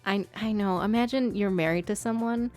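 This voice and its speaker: A woman's voice: medium pitch, normal speed, darkish tone, soft background music. A young woman streamer chatting casually and rambling while she paints, laughing often and filling gaps with ums and likes. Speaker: art streamer.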